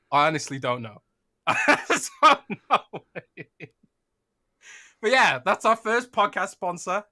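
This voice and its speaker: A man's voice: a little high, bright, forceful tone. A man co-hosting a gaming podcast in casual chat, joking and laughing as he reads a sponsor spot. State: tired after feeling unwell. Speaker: podcast co-host.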